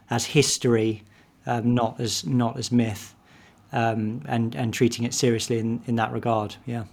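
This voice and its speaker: Halting male vicar on a podcast. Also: medium pitch, darkish tone. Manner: halting, often restarting and repeating words. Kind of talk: casual podcast conversation.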